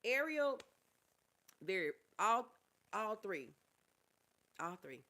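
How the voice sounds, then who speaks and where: Middle-aged woman streamer, chatty and affectionate with viewers, open and gentle about loss. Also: mid-range voice, very animated, drawn-out words. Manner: reads viewer comments aloud and answers them warmly; calls listeners honey and y'all. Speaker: livestreamer. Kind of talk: casual livestream chat.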